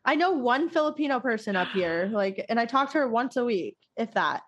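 A woman's voice: a little high, lively intonation, a little fast, muffled recording. A young woman hosting a casual podcast chat, rambling with lots of fillers and frequent laughter. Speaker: podcast host.

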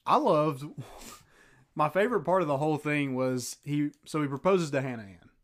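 Relaxed casual man, slightly high voice. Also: moderate pace. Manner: relaxed, trailing off quietly, laughing. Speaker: podcast co-host. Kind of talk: casual chat.

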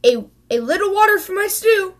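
A woman voicing a cheerful, boastful father bear in a storybook reading, loud and exclaiming. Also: extremely high pitch, expressive, moderate pace, voice pushed up. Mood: cheery boastful.

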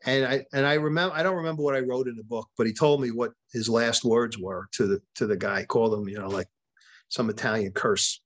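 Man, podcast guest, mid-pitched, chatty storyteller, lots of restarts and quoted lines. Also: fairly even intonation, brisk. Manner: frequent restarts and repeated words; retells events with quoted dialogue. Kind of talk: conversational storytelling in an interview.

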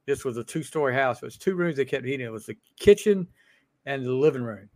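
Man, podcast co-host, easygoing, reminiscing, mid pitch, dry sound. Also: animated, fast talker, darkish tone, dry recording. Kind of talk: casual chat.

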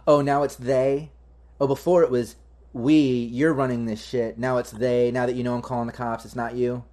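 A man's voice: mid-range voice, steady tone, fairly quick, dark tone, lightly acted. A man doing a sassy, swearing dockworker. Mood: annoyed. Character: irritated foul-mouthed male dock worker.

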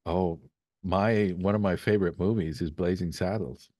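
A man's voice: low-pitched, steady tone, moderate pace, a little mellow, dry recording, studio quality. A man from Canada, a voice actor, talking as a podcast guest in a rambling, storytelling way, acting out little quotes as he goes. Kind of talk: casual podcast chat.

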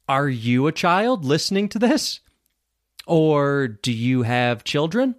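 A man hosting a podcast as an English teacher, speaking slowly and clearly for learners. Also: dry recording, clean studio sound. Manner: careful, over-articulated teacher's delivery with lively pitch.

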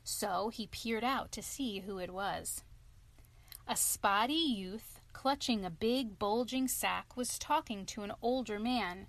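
A woman narrating a children's storybook aloud in a clear, expressive reading. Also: mid-range voice, slow.

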